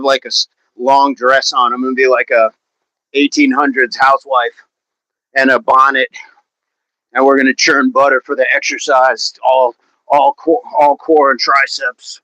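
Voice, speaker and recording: A man's voice: mid-range voice, sharp tone, dry recording, poor audio. A man leading an outdoor workout livestream, joking with viewers and laughing often in casual chat. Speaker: fitness coach leading a live workout.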